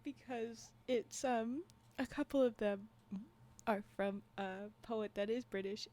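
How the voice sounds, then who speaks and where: A fairly high-voiced woman chats loosely with her live audience, drifting between thoughts and restarting sentences. She giggles often as she reacts to her viewers. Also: warm tone. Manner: rambling, giggly, laughs often; frequent restarts and trailing asides. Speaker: livestream storyteller. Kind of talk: casual chat with live viewers.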